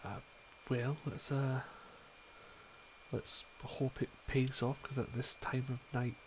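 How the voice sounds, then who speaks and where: A man's voice: medium pitch, level tone, takes it slowly, a little hiss or hum. A man playing a tabletop game, chatting in an easygoing way. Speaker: player. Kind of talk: casual chat during a tabletop game.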